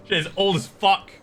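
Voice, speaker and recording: Streaming a game, a man chats casually and animatedly, swearing and laughing a lot. His voice sits high and sounds a bit bright.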